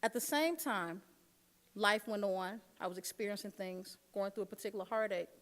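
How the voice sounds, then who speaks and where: A woman gives a keynote speech at a dinner in a large hall, telling a personal story and speaking directly to the audience. Her voice is medium-pitched and a bit bright, at a moderate pace, with long hall reverb on the recording.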